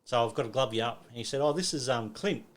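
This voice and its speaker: A man's voice: medium pitch, fast talker. A middle-aged Australian man telling a story in casual chat, acting out quotes and swearing a lot. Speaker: podcast guest.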